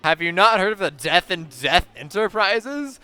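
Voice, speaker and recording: The reaper himself, blunt and deadpan, saying the darkest things plainly in a video game, as a man reads his lines. His voice sounds bright, clear and a touch high, and louder than the rest. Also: normal speed.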